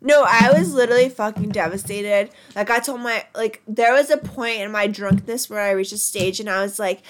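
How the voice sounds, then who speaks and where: A woman with a mid-pitched voice chats casually. She is candid and self-mocking, and she swears freely while telling stories. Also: fairly quick, few pauses. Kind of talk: casual chat.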